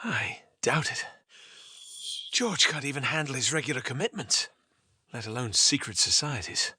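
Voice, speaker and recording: A man's voice: very high-pitched, very animated, moderate pace, bright, forceful tone, no echo, clean studio sound, pitched above the performer's own voice, heavily acted. A man doing a sarcastic wisecracker. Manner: raised, mocking and sarcastic.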